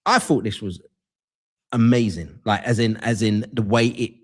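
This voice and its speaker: A man co-hosting a live online show, talking in a relaxed, reflective way and sometimes losing his thread. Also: on the low side, normal speed. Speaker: co-host. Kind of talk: live stream chat show.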